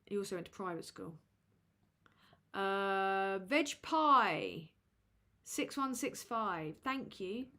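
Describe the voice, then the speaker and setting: A woman chats through a loose livestream, reading super chats aloud. She talks slowly at a middling pitch, with a crude, sardonic, roasting manner. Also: sharp tone. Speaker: livestream host.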